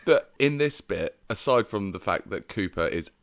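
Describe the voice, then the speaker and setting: Low male podcast co-host, dry close sound, excited, swears a lot. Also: moderate pace, dry recording. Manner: enthusiastic, swears freely, laughs often. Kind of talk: casual film review chat.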